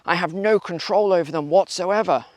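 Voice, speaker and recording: A man's voice: high voice, normal speed, dry recording, close to an everyday voice. A man putting on a smug, evasive male politician who stumbles through flustered denials. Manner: flustered denials with many fillers.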